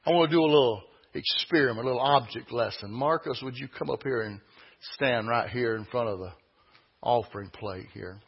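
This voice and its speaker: A man's voice: medium pitch, brisk, breathy edge. A man preaching a sermon in church, folksy and emphatic, full of rhetorical questions. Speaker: pastor. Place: church sanctuary. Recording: dull lo-fi recording.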